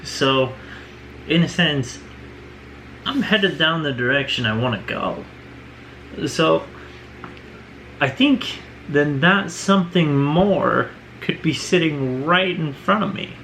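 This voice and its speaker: Slow, earnest man with a gravelly voice. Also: on the high side, expressive, a bit bright, a little hiss or hum, poor audio. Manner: earnest, full of "you know" and "right?". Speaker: vlogger. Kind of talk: personal reflective monologue.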